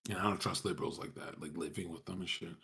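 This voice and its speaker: A man's voice: sits low, steady tone, fast, creaky, pushed and bright. A young man talking casually to his viewers, rambling in slang, swearing often and calling everyone bro. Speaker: streamer talking to chat.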